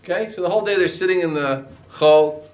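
Man teaching Talmud, a touch high-pitched, explains steadily and slips in Aramaic and Hebrew phrases. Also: fairly quick. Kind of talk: Talmud class lecture.

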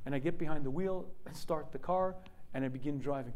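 A man giving a religious lesson through vivid storytelling, often clearing his throat. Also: a little high, brisk, a little mellow, low-quality recording. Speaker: teacher.

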